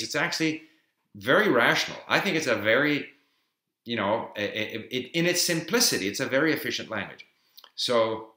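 A man's voice: medium pitch, pushed and bright. A man giving an informal explanatory talk on learning a language, emphatic and dotted with fillers, sharing his own learning tips. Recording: roomy echo.

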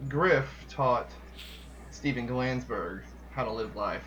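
A man's voice: medium pitch, takes it slowly, a bit bright, highs cut off. A man joking and teasing his friends in casual chat. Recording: faint background noise.

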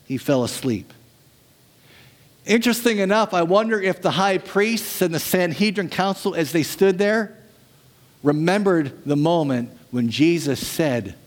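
A man preaching a sermon as a pastor, dramatic, asking rhetorical questions and dropping his voice low for emphasis. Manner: rhetorical questions, humorous asides.

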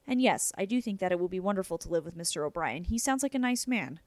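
A woman voicing a bossy teenage big sister with a British accent, brisk and scolding. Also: fairly low pitch, expressive, no room sound, natural voice. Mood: chatty.

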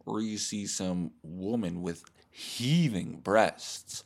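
A man hosting a podcast, rambling through a crude, profane comedic monologue in a deadpan, mock-serious way. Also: fairly low pitch, takes it slowly, gravelly, few pauses. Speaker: podcast host.

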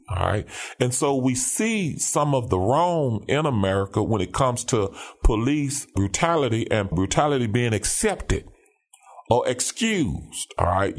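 A man, a pastor and police officer, talking in an emphatic preaching cadence, repeating phrases and checking in with "all right?". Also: medium pitch. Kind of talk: conversational commentary with preaching cadence.

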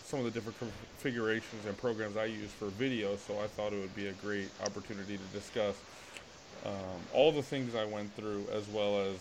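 A man's voice: on the low side, steady tone, fairly quick. Podcast host man, noisy recording. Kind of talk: casual chat. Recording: clear background noise.

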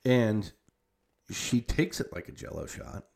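A man's voice: medium pitch, expressive, slow, vocal fry, a little mellow. A young man telling a long family story in casual, rambling speech full of "like" and restarts. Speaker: storyteller recounting a family visit.

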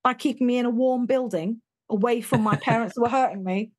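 Animated English woman telling her story. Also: fairly high pitch. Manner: animated, frank, voices quoted people, quick laughs. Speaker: guest. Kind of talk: personal storytelling in an interview.

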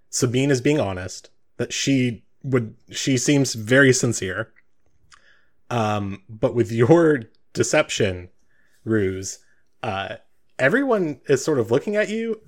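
A man narrating scenes in an easygoing way as game master of a tabletop game. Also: medium pitch.

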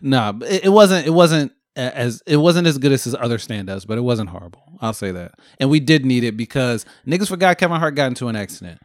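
A man's voice: mid-range voice, animated, quick pace, hardly any pauses, no room sound, clean studio sound. Laid-back man in podcast banter. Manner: laid-back, defensive banter with mock voices. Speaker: podcast co-host. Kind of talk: casual chat.

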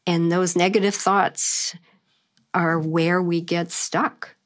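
A middle-aged woman with a cold co-hosting a podcast with her daughter, speaking huskily and giving calm, thoughtful advice. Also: on the low side, takes it slowly. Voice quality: husky from a cold. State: has a cold. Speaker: co-host, the host's mother. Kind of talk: casual chat.

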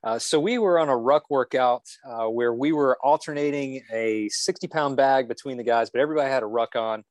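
A man co-hosting a podcast, telling an anecdote in a steady, wry way. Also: medium pitch, brisk, no echo. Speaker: podcast co-host. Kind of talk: casual podcast storytelling.

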